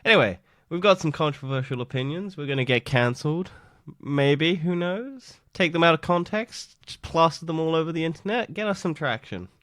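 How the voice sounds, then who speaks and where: A man's voice: a little high, normal speed, few pauses, fairly bright tone, no room sound, studio quality. Sick man rambling on a podcast. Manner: jokey, laughs often, rambling with fillers. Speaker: podcast co-host. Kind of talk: casual podcast chat. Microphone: studio microphone.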